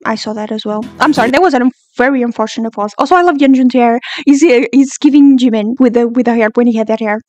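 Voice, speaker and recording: High-voiced young woman reacting excitedly. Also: fast, few pauses, no echo, soft background music. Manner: excitable and swears freely, talks back at the screen. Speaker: reaction video host. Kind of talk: casual reaction commentary.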